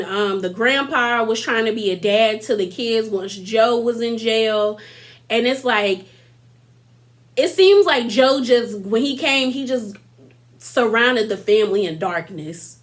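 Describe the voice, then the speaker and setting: A young woman in her twenties giving a chatty, slangy recap of a reality show, talking straight to viewers and mocking cast members' lines in put-on voices. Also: a little high. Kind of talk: casual episode recap commentary.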